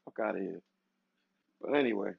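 A man in a casual podcast chat, talking in an animated, slangy, profane way. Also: fairly low pitch, moderate pace, gravelly, a crowd in the background. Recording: slightly muffled, lo-fi mic.

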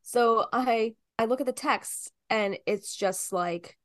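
A woman's voice: fairly high pitch, takes it slowly. A woman co-hosting a podcast in casual chat, telling stories with big exclamations. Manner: animated storytelling with big exclamations. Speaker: podcast co-host.

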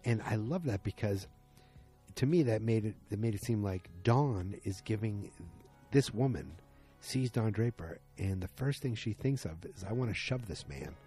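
Deep, mellow-voiced man recapping casually. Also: expressive, normal speed, breathy edge, soft background music. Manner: loose, rambling retelling with many fillers and quoted lines. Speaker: TV episode recapper.

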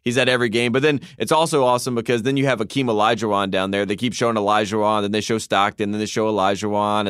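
A man's voice: on the low side, clear, resonant tone, no room sound, clean studio sound. Emphatic man in casual sports talk. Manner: animated, emphatic, repeats points. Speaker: podcast co-host.

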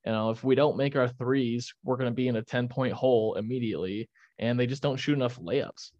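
A man's voice: medium pitch, fairly even intonation, brisk, a little mellow, dry recording, highs cut off. A young man co-hosting a casual sports podcast, ranting with energy and often restarting his sentences. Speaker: podcast co-host.

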